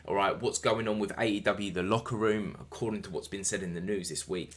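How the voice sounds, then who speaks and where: Male wrestling reviewer, lower pitch, energetic casual delivery, addresses viewers.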